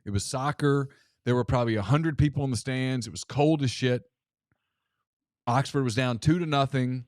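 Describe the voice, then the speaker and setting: Middle-aged guy on a call-in show, animated storyteller, dry close mic. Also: medium pitch, no room sound. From American South. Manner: animated storytelling, repeats himself. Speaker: co-host. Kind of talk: casual radio call-in chat.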